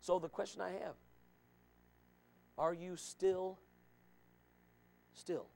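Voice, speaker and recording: A pastor preaching a sermon with emphatic repetition, calling out listeners by name. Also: male voice, high voice, steady tone, slow, gravelly, darkish tone. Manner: emphatic, repeats lines, calls out listeners by name.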